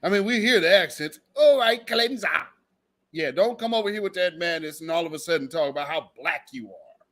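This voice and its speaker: A man hosting casual commentary, talking in a blunt, animated, profane way. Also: on the high side, quick pace. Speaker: host.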